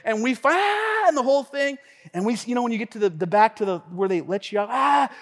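A man preaching a sermon as pastor, telling a story in an animated, conversational way with frequent asides to the congregation. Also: high voice, fast, big-room sound. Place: church sanctuary.

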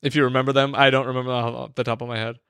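A man's voice: mid-range voice, little pitch movement, racing, fairly bright tone, smooth, no room sound, studio quality. A young man hosting a podcast, joking and laughing often in casual chat. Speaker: podcast host.

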